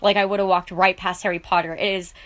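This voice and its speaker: A woman's voice: lowish voice, flat delivery, quick pace, a bit bright. Young woman vlogging her trip, gushy and chatty, says "like" a lot. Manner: chatty, gushing, full of "like" fillers. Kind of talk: casual vlog voice-over.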